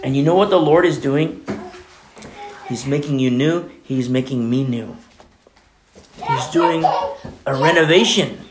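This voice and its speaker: A male pastor delivers a conversational sermon, leaning on repetition and emphasis. His voice sits at an ordinary middle pitch. It carries with a roomy echo over a faint hiss of background noise. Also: unhurried, long pauses. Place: church.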